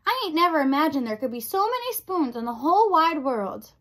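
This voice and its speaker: A woman voicing a loud, simple servant girl who talks bluntly and ungrammatically. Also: high voice, big pitch swings, fairly quick, voice pushed up.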